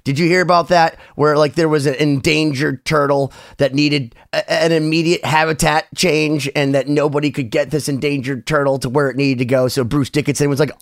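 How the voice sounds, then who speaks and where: A man's voice: fairly high pitch, fairly even intonation, fairly quick, vocal fry, hardly any pauses, dry recording, clean studio sound. A man co-hosting a podcast, rambling and joking through a casual chat with some swearing. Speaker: co-host.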